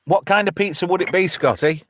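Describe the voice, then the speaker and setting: A man's voice: high-pitched, brisk, over a noisy crowd. A man with an English accent hosting a live stream, swearing freely and reading chat comments aloud in casual banter. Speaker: show host.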